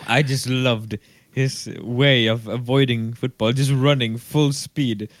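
A man co-hosting a podcast, telling a rambling story full of fillers and acted-out shouts. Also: mid-range voice, steady tone, slow pace, no echo. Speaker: podcast co-host. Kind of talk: casual chat.

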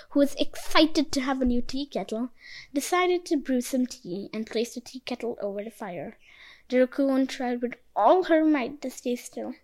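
A woman narrating a folk tale in an expressive storybook reading style. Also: high-pitched, low-quality recording.

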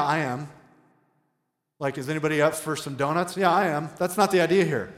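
Preaching man in an echoey hall. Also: on the high side. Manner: animated preaching, swings between loud emphasis and quiet drawn-out phrases. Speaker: pastor. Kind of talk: sermon.

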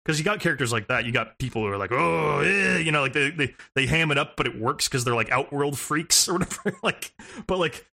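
A man's voice: mid-range voice, lively intonation, quick pace, sharp tone. A man co-hosting a casual gaming podcast, rambling, swearing and laughing as he talks. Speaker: podcast co-host.

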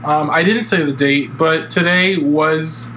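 A man's voice: fairly high pitch, a little slow, bright, forceful tone, a little hiss or hum. A young man hosting a podcast, telling a story in a casual, profane and exasperated way. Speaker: podcast host. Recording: echoey room.

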